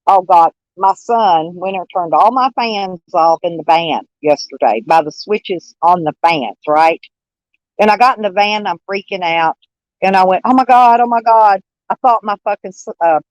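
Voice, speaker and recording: A woman's voice: fairly low pitch, moderate pace, no room sound. A woman chatting casually on a live stream, rambling and greeting viewers by name. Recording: dull dry lo-fi sound.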